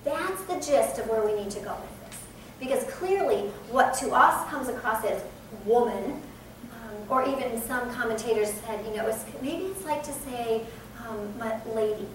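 A woman's voice: fairly high pitch, lively intonation, moderate pace. A woman in her forties with an American accent, giving a conversational Bible teaching in an earnest tone. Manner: earnest, conversational, laughs at herself. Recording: echoey room from a distance, faint background noise.

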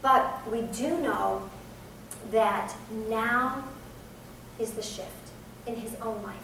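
A woman's voice: fairly high pitch, slow, vocal fry, a bit bright. Echoey, earnest American woman teaching. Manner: earnest, conversational, laughs at herself. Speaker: Bible teacher. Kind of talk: Bible teaching. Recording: echoey room from a distance, faint background noise.

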